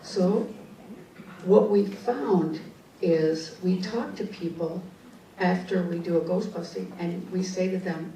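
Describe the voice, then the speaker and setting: Mellow-voiced woman telling a story in an echoey hall. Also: on the low side, moderate pace, slight background noise. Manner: conversational, frequent "okay" asides and restarts. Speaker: conference speaker, psychic. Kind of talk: storytelling talk. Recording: distant echoey hall mic.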